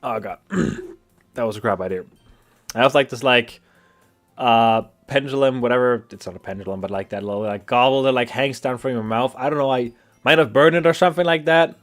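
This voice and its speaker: A man's voice: medium pitch, a little fast, faint music behind. A man from Germany, rambling and swearing in casual game-stream commentary. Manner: rambling and profane, many restarts. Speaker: gamer streamer. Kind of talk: let's play commentary.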